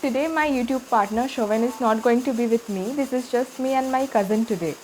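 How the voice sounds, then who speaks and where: A woman's voice: on the high side, fairly quick, a little mellow, a little hiss or hum. A woman food vlogger with an Indian English accent, narrating in a chatty, friendly way with frequent fillers. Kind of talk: casual vlog narration.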